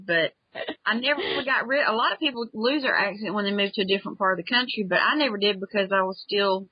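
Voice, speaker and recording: A woman's voice: mid-range voice, fast talker. A middle-aged woman with a thick Southern accent from upstate South Carolina, a baker and cookbook author telling folksy stories in a casual interview. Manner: folksy, chatty storyteller. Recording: muffled lo-fi line.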